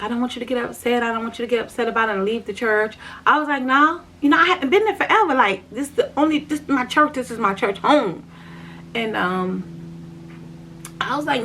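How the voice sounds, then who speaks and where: A middle-aged woman speaks to camera in a personal testimony, slightly high and husky. She is earnest and talks straight to her viewers, coming back to her main points again and again. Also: expressive, brisk, fairly bright tone. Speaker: vlogger sharing her faith journey.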